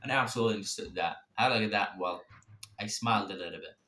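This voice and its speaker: A young man telling his own story casually, swearing freely and jumping in pitch and loudness. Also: very fast, a little hiss or hum. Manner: profane, animated, sudden swings in pitch and loudness. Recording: echoey room.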